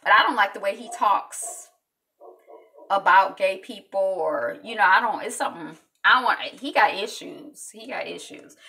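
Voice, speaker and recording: A woman's voice: mid-range voice, normal speed, bright, forceful tone, far from the mic, a little hiss or hum. A woman chatting casually as she recaps a reality show episode for her channel, full of fillers and acted-out quotes.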